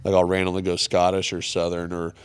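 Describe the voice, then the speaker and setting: A man's voice: low-pitched, completely flat delivery, quick pace, a little hiss or hum. A man co-hosting a podcast, chatting casually in an easygoing, rambling way and laughing often. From Kansas. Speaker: podcast co-host. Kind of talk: casual chat.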